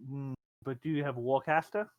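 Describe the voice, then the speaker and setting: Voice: medium pitch, fairly even intonation, fairly quick. A player in a tabletop game, speaking hesitantly with many fillers. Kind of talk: casual tabletop play.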